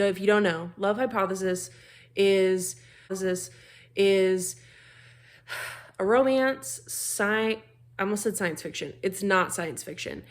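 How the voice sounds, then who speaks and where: A young woman gushes about her books in a casual home vlog. She talks in loose bursts, swears freely and trips over her own sentences. Her voice sits at a middling pitch for a woman. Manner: gushing, profane, rambling with restarts. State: feeling unwell. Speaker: book vlogger. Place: bedroom at home.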